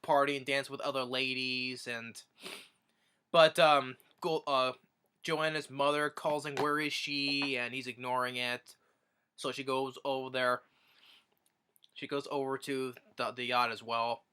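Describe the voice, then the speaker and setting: A man's voice: medium pitch, steady tone, a little slow, bright, forceful tone, smooth. A man casually retelling a movie's plot as a reviewer, rambling with many restarts. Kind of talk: casual film review recap.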